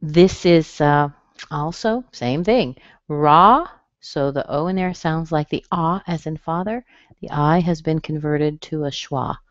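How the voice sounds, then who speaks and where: A woman's voice: deep voice, no room sound. A woman teaching pronunciation in an online class, patiently saying words again and again. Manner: slow, patient, repeats words for drill. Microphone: computer mic. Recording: dull muffled webinar audio, dry.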